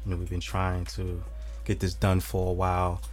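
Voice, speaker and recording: A man hosting a podcast in a studio, talking loosely and joking, and rattling off plugs quickly. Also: low voice, completely flat delivery, music in the background. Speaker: podcast host. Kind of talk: casual podcast chat. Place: recording studio.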